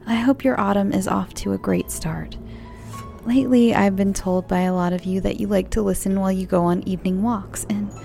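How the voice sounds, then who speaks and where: An American woman hosting a horror story podcast, chatting in a friendly, gently giggly way before reading the stories. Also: mid-range voice, gravelly.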